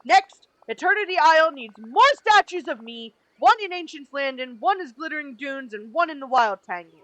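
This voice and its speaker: A woman doing a loud, pompous vain hunter. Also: high-pitched, lively intonation, normal speed, no room sound, voice pushed up, low-quality recording. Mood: boastful. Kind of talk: reading game dialogue aloud.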